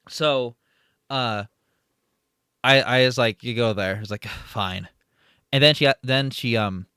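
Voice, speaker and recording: A man's voice: medium pitch, pushed and bright, clear, resonant tone, no echo, studio quality. A man casually telling a long story from his retail job, with lots of fillers and restarts. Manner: rambling, many fillers and restarts. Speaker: streamer.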